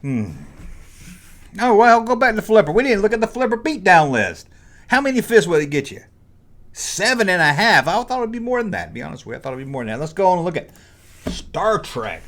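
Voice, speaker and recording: A man hosting a jokey rant, with animated delivery and mock-taunting asides. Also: a little high. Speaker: host. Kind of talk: ranting toy and costume commentary.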